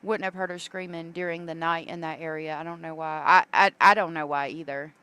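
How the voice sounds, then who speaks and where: A woman's voice: low-pitched, fairly even intonation, brisk, sharp tone, clear, resonant tone, dry recording. Chatty woman hosting a livestream. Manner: chatty, reads viewer comments aloud, many fillers. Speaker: true crime livestream host. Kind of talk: casual livestream commentary.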